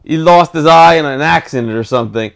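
Gravelly high-voiced man telling a joke. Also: quick pace. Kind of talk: telling a dirty joke, casual banter.

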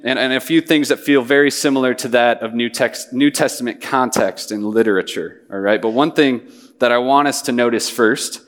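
A man's voice: medium pitch, a bit bright. A young man preaching a sermon and reading scripture aloud, earnest, often restarting with repeated words. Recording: hall reverb.

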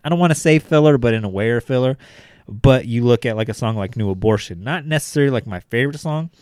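A man's voice: mid-range voice, animated, fast, a little mellow, clean tone, no room sound, clean studio sound. A man in a casual music discussion who rambles, swears freely and fills his talk with "like".

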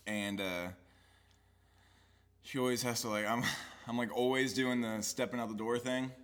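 A man's voice: medium pitch, fairly even intonation, moderate pace, a bit bright. A young man telling a story in a casual chat, laughing often and swearing freely.

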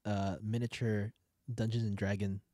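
A man's voice: fairly low pitch, flat delivery, moderate pace, warm tone, no room sound, studio quality. A young man chatting casually with a friend, laid-back and brief. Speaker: friend in conversation. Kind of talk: casual chat.

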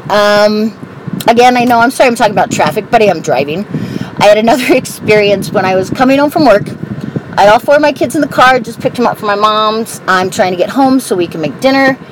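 While driving her car, a woman vlogger tells stories in a candid, profane, casual monologue. Her medium-pitched voice moves at a quick pace over loud road and car noise.

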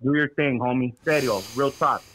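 A man giving an earnest shout-out in heavy street slang, calling everyone homie and dog. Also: medium pitch, moderate pace.

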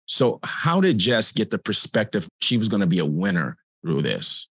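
A man hosting an interview, speaking in a measured, reflective way and checking in with his guest. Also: fairly low pitch, big pitch swings, a bit bright, husky, no echo. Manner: measured, reflective, tags points with "right?". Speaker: host. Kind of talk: interview conversation.

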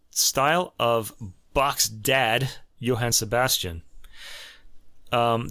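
A man's voice: medium pitch, fairly bright tone, dry recording. Guy chatting through a classical album track by track, wanders off on tangents, chuckles a lot, dry close sound. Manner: chatty, digressive, laughs at own jokes, slows to spell out foreign terms. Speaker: host reviewing a classical album. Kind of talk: casual music review talk.

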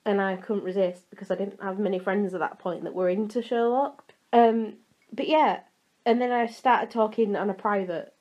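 A woman's voice: mid-range voice, a little mellow, highs cut off. A young woman with a Yorkshire accent talks casually as a podcast co-host. She teases her friend, keeps the talk moving and often jumps in mid-sentence. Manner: teasing, talkative, quick to interrupt. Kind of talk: casual chat.

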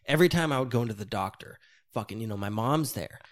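A man's voice: medium pitch, animated, quick pace, no echo. A young man co-hosting a podcast, telling stories loosely with swearing and laughs. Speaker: podcast co-host. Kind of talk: casual podcast banter.

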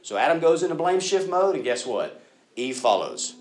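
A man preaching a sermon in a conversational way, talking to his listeners directly and acting out quoted voices with big jumps in pitch. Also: sing-song, moderate pace. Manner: conversational, addresses listeners as guys and y'all.

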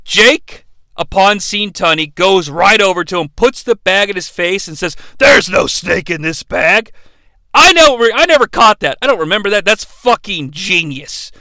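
Hyped guy doing a funny recap, high lively voice, swears a lot, dry close mic. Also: dry recording. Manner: excitable, swings between loud outbursts and fast asides, swears freely. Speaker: podcast host reviewing wrestling. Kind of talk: comedic recap narration.

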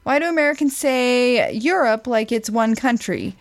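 A woman's voice: a little high, lively intonation, normal speed. A woman co-hosting a podcast, reading questions aloud from a list in a dry, teasing way. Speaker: podcast co-host.

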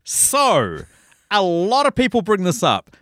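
A man's voice: high voice, slow, dry recording, studio quality. A man co-hosting a casual movie podcast, telling stories with lots of swearing and laughter. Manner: animated, swears freely, laughs through stories. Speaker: podcast co-host.

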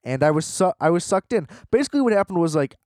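A man's voice: high voice, sing-song, quick pace, darkish tone, dry recording, studio quality. A man hosting a podcast alone, chatting casually about movies in a rambling, profane and self-mocking way. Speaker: podcast host. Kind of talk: casual solo commentary.

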